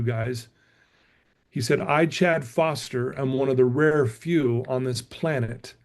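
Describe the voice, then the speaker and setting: A man's voice: on the high side, darkish tone. A middle-aged man giving a casual motivational talk, telling a story earnestly with frequent fillers and restarts. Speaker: motivational speaker and recovery coach.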